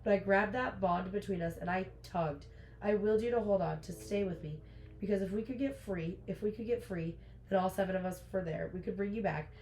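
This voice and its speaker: A woman's voice: medium pitch, echoey room, a little hiss or hum, natural voice, rough recording. A woman reading aloud the lines of a brooding male fae lord who is confessing his love. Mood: earnest. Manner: reads book lines aloud, hurried and soft.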